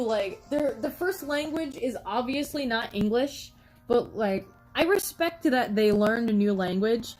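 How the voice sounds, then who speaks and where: A woman's voice: on the high side, low-quality recording. A woman streamer chatting casually with her viewers, laughing often and answering chat.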